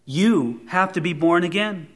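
A man voicing a calm, authoritative teacher figure in a sermon, firm and earnest. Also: high-pitched, a little slow.

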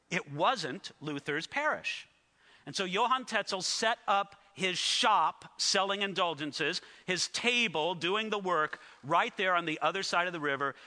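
A man giving a sermon, telling a story with lively asides to the audience. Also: on the high side. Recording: echoey hall.

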